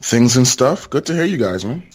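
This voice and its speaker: A man's voice: mid-range voice, moderate pace, slightly rough. A man telling stories as a returning guest on a casual podcast, laughing often as he talks. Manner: animated storyteller, laughs often.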